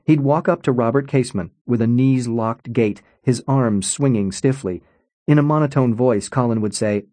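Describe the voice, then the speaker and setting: A man narrating a novel in a wry, expressive storytelling manner. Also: mid-range voice, moderate pace, no room sound. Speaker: audiobook narrator. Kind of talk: scripted narration.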